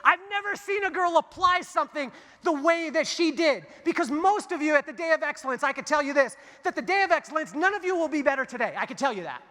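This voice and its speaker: A man giving a motivational keynote in a large hall, telling stories in a lively, joking way and acting out the dialogue. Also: very high voice, fast talker, hardly any pauses. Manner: animated, jokey storytelling with acted-out dialogue. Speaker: keynote speaker. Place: large hall before a big audience. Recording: long hall reverb.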